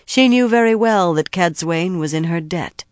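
An audiobook narrator reading fantasy prose in a steady, even storytelling manner. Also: medium pitch, normal speed, smooth, dry recording, studio quality.

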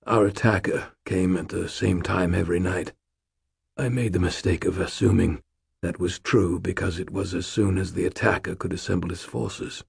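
A man's voice: low-pitched, fairly even intonation, normal speed, gravelly, slightly rough, no room sound, studio quality, exaggerated voice. A man reading the part of a dying old male ghost warrior, weak and fading, with formal, archaic speech. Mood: weak, gentle.

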